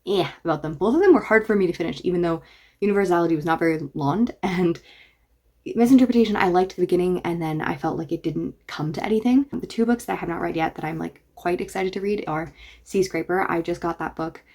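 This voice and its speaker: A woman's voice: lowish voice, a little mellow. A woman book reviewer talking casually and enthusiastically in a reaction vlog. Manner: enthusiastic, chatty.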